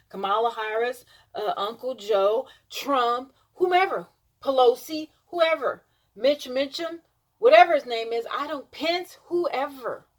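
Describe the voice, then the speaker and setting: A woman's voice: high voice, fairly bright tone. A woman vlogging an emphatic, insistent opinion monologue, repeating herself for emphasis.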